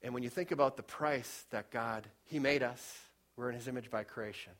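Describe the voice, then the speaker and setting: A man preaching a sermon, telling a story with fervent, pleading emphasis, swinging between loud, high bursts and quiet, low passages. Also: moderate pace. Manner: storytelling, rises and drops in loudness for emphasis.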